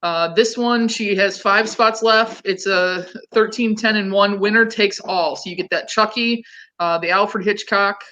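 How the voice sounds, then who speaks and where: A woman's voice: medium pitch, a little slow, sharp tone, slight background noise. A woman hosting a casual livestream, chatting loosely with many ums and restarts. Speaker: host.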